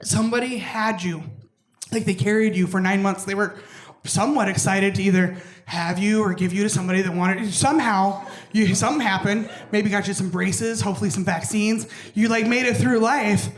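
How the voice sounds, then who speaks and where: Brash woman doing stand-up in a roomy club. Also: brisk. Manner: brash, swearing, acts out voices with big pitch jumps. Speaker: stand-up comedian. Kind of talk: stand-up routine. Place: comedy club stage with laughing audience.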